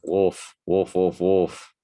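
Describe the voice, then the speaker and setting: A man's voice: low voice, little pitch movement, extremely slow, warm tone. A tired man hosting a casual livestream, reading out viewer comments in a rambling, musing way with many fillers.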